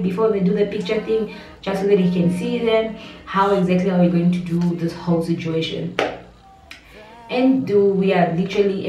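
Woman softly telling a painful story. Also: fairly low pitch. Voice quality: steady voice that does not break. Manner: rambling, emotional, with many restarts and asides. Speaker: vlogger. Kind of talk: personal storytelling vlog. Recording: muffled, roomy, slightly distant.

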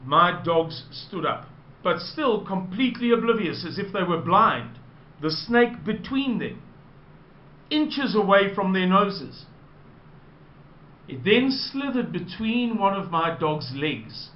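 A South African man recounts a personal story in an unhurried, rambling way, at a deliberately slow pace and a slightly high pitch. The recording is roomy and a little dull, with a faint hiss under the voice. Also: sing-song.

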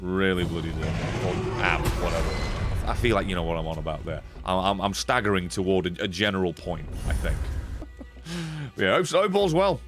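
A man's voice: deep voice, normal speed. A man gives sweary, casual commentary while streaming a card game and chatting to viewers. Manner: sweary, animated, talks to chat. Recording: faint music behind.

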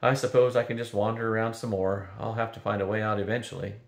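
A man's voice: on the low side, little pitch movement, quick pace, gravelly. An older man voicing a polite, bashful young prince turned to stone, earnest and a bit hesitant. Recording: roomy echo.

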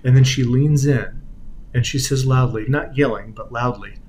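A man giving a conference lecture on patient communication in an explanatory way, often trailing off softly at the ends of phrases and now and then acting out quoted voices. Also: mid-range voice, normal speed, a little hiss or hum, low-quality recording. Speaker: physical therapy lecturer.

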